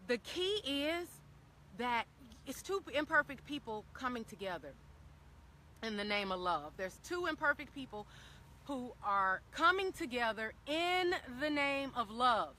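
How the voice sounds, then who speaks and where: A woman's voice: on the high side, very animated, measured pace, pushed and bright, a little hiss or hum. A woman speaking earnestly and encouragingly to viewers on a phone camera, often repeating her key phrases for emphasis. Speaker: wellness vlogger speaking to live viewers. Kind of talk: impassioned live-stream talk. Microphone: handheld phone camera.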